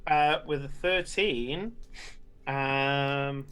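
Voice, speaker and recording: A man's voice: medium pitch, very slow, a bit bright, clear, resonant tone, soft background music, rough recording. A man running a tabletop game as game master, talking hesitantly with many fillers and restarts.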